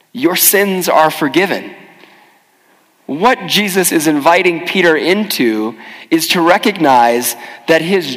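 Higher-voiced male preacher in a reverberant hall. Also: a bit bright. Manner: conversational storytelling with emphatic rises. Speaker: pastor. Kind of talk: sermon.

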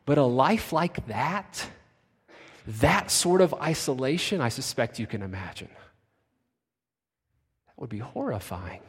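A male pastor preaching a sermon, slow and dramatic, dropping to a hush and then shouting out. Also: medium pitch, slightly rough. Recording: long reverb of a large hall.

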